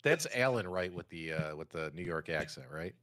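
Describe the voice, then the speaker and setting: Man, low voice, very lively pitch, casual podcast chat, animated guest. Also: moderate pace. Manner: animated, laughing storyteller. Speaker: guest YouTuber.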